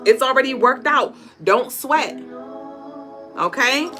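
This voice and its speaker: A woman hosting a live spiritual reading stream, talking in an animated, profane, laughing way and breaking into chants. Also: sits high, takes it slowly, soft background music. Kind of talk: casual live-stream tarot-style reading.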